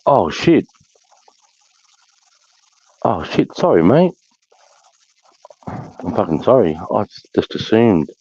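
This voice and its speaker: A man's voice: fairly low pitch, big pitch swings, takes it slowly, pauses often, darkish tone, husky. An Australian man hosting a casual livestream chat, rambling, swearing constantly and laughing often, in slightly dull lo-fi audio. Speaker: livestream host.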